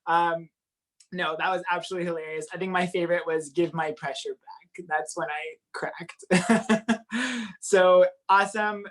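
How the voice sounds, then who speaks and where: Woman host, live online comedy night, lower pitch, upbeat, laughs often. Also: steady tone, moderate pace, long pauses. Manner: upbeat, laughing, reading out comments. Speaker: show host.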